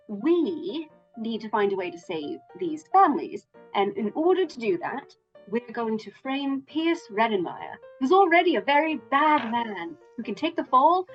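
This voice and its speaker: A woman's voice: sits high, lo-fi sound. A woman playing in a tabletop game, earnestly laying out a plan. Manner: earnest, explaining plans at length. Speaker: player. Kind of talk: casual tabletop play chat.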